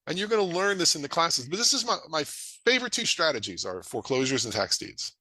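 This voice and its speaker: Lively, bright-voiced man. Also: brisk. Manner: energetic, folksy, acts out dialogue with rising pitch. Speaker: real estate investor presenting a webinar. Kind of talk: animated presentation to an audience.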